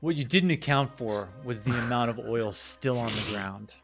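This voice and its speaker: A man narrating as game master of a tabletop game, lively and joking. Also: mid-range voice, moderate pace, faint music behind.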